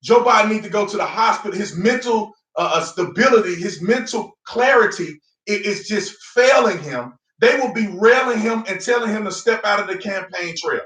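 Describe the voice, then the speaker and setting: A man runs through political commentary in a mocking, fired-up way, full of casual slang. His voice is high and bright. It is recorded in an echoey room, some way from the mic. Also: normal speed, few pauses, distant mic.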